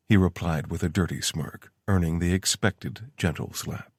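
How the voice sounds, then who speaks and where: A man narrating an audiobook in a steady, measured way. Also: low-pitched, breathy edge, no room sound, clean studio sound.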